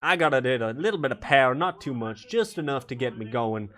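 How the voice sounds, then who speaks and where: A man's voice: mid-range voice, expressive, fairly quick, fairly bright tone, close to an everyday voice. A man playing a cheerfully murderous backwoods farmer who tells his story casually, with a Southern accent. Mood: boastful.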